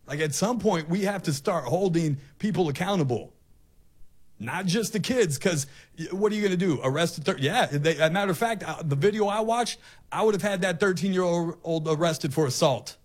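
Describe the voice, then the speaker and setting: A man's voice: fairly high pitch, normal speed. A male talk show host delivering an impassioned, ranting opinion monologue, often repeating himself.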